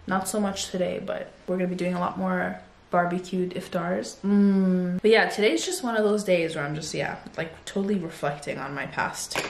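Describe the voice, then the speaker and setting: A woman in her twenties chatting at home into a phone, telling a casual storytime in an animated way. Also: on the low side, normal speed, creaky, reverberant, slight background noise. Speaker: vlogger.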